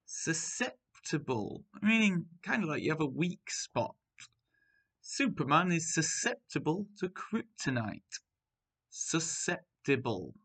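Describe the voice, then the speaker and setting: A man's voice: mid-range voice, fairly bright tone. A man teaching primary school, reading out a spelling test word by word with example sentences. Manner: clear, deliberate word-by-word dictation with example sentences.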